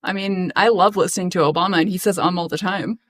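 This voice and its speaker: A woman's voice: fairly low pitch, steady tone, fast talker, a bit bright. Joking young woman co-hosting. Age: young adult. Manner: joking, teasing, laughs often. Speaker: podcast co-host. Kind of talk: casual pop culture chat.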